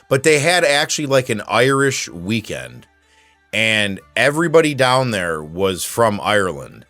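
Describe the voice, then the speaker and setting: A man's voice: fairly low pitch, a bit bright, no room sound. A man hosting a podcast, telling a loose story in a casual monologue full of restarts and asides. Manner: rambling storyteller with many restarts and fillers. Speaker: podcast host.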